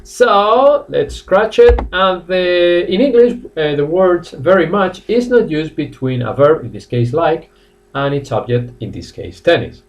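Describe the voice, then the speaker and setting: A Spanish-accented man teaches English to viewers online, and his pitch swings in a lively way as he explains. He laughs easily and greets his students by name. He sits a little back from the microphone. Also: unhurried, distant mic. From Spain. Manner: animated, laughs often, addresses viewers by name. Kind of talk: live online English lesson. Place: classroom.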